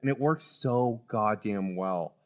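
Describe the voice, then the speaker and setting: A man's voice: lowish voice, slow pace. A man co-hosting a casual political podcast, talking animatedly and laughing often. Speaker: podcast co-host.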